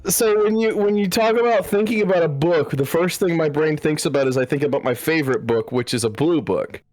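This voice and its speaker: A man chatting casually as a player in a tabletop game, excitable and trailing off into fillers. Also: a little high, a little fast, no echo.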